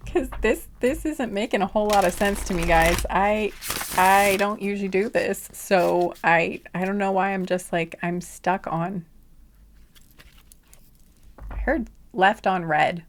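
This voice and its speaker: A woman's voice: medium pitch, measured pace. A woman talking through a tarot reading in a loose, rambling way. She laughs often and slips into sassy asides. At times her voice drops to a whisper. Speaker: tarot reader. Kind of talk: casual chatty monologue.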